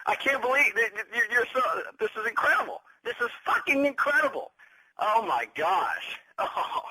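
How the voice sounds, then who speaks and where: A man's voice: very high voice, big pitch swings, moderate pace, bright, forceful tone, slightly rough. A man on a radio prank call, outraged and cursing, laughing in disbelief. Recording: played radio phone call.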